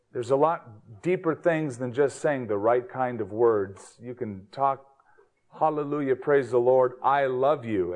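Folksy male pastor telling a story. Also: mid-range voice. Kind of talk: sermon with a folksy joke.

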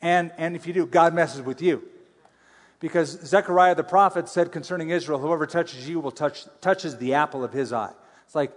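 Guy preaching a bible sermon, bit high voice, big hall echo, chatty and joking. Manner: conversational Bible teaching with playful asides. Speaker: pastor. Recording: long hall reverb.

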